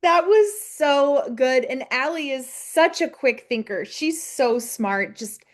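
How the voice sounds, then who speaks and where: A woman with a high voice co-hosts a podcast in a relaxed chat about a TV episode. She gushes with delight, laughs often, and slips into quick impressions of the characters. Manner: gushing, laughs often, acts out lines from scenes. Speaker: podcast co-host. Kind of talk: casual chat recapping a TV episode.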